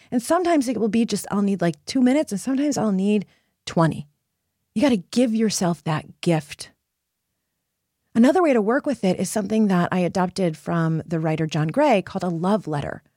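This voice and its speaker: A woman's voice: medium pitch, darkish tone, dry recording, studio quality. A woman hosting a personal self-help podcast, coaching listeners in an earnest, emphatic way. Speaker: podcast host.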